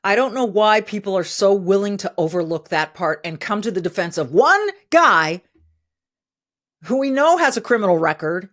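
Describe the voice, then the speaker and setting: A woman's voice: mid-range voice, expressive, normal speed, fairly bright tone. A middle-aged woman hosting a podcast, delivering emphatic opinion commentary and repeating phrases for stress. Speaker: podcast host.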